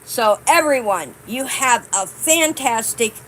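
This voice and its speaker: A woman hosting a casual vlog, chatting with her viewers and reading cards aloud in a warm, drawn-out way. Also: fairly high pitch, animated, rough recording. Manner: warm, reads cards aloud slowly, chatty asides to "guys". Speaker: channel host.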